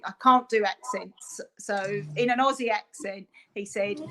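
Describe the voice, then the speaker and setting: A woman's voice: medium pitch, a little slow, few pauses, bright, forceful tone, low-quality recording. A woman, a parent chatting on a video call, rambling with lots of fillers. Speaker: parent of a fundraiser. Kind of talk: casual chat on a video call.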